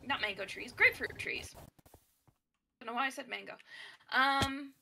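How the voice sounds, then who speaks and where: A woman gaming streamer retelling a story in a chatty, animated way, with many fillers. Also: a little high, unhurried, creaky, a little hiss or hum. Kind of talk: casual storytelling while playing a game.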